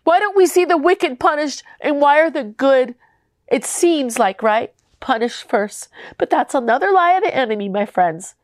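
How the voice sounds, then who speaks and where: A woman's voice: high voice, expressive, a little slow, no echo, clean studio sound. A young adult woman hosting a faith podcast, talking to listeners in an earnest, emotional way that is tearful at times. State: crying at times. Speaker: podcast host. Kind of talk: heartfelt faith podcast talk.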